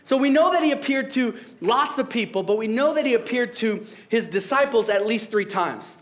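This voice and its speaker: A man's voice: very high voice, lively intonation, normal speed. A young adult male pastor preaching a sermon in a casual, jokey way, laughing at his own jokes.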